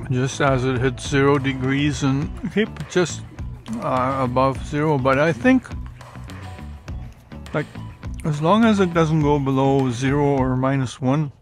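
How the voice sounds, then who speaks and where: A middle-aged man chatting casually to camera from a chilly greenhouse in the early morning, relaxed and unhurried, sometimes eating as he talks. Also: mid-range voice. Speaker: YouTube vlogger. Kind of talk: casual vlog talk to camera.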